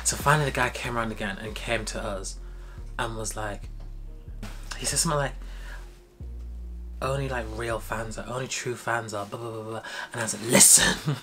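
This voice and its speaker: Young vlogger, casual storytime, animated and chatty, middle pitch, music underneath. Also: normal speed, long pauses. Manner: animated, acts out quoted dialogue with big voice jumps.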